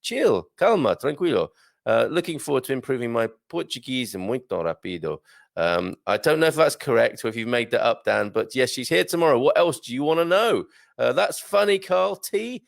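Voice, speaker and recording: A man's voice: medium pitch, animated, brisk, vocal fry, no room sound, clean studio sound. A man from Britain hosting a live stream, reading out viewer comments in a chatty, joking way with many hesitations. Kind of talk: casual live chat.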